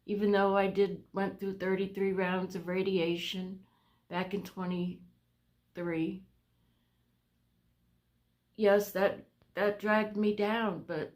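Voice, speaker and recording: A woman vlogging a personal update to her viewers on a phone camera. She is short of breath, halting, and restarts often. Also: medium pitch, little pitch movement, darkish tone. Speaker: vlogger sharing a health update. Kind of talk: casual talk to camera.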